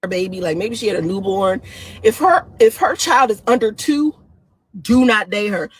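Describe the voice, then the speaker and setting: A woman talking casually on a live stream, excitable and laughing often, her voice swooping up high. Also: normal speed, breathy edge, no room sound. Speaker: live-stream host giving dating opinions.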